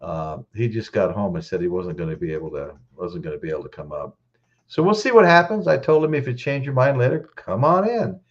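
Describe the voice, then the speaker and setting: A man's voice: sits low, sing-song, fairly quick, few pauses, lo-fi sound. A man hosting a casual live stream, choked up, greeting viewers in the chat by name and often restarting his sentences.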